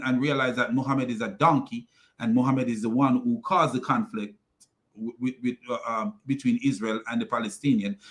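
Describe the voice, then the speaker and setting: A man's voice: mid-range voice, fairly bright tone. A man hosting a ranting video commentary, mocking and repeating himself, often breaking into laughter. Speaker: commentary channel host.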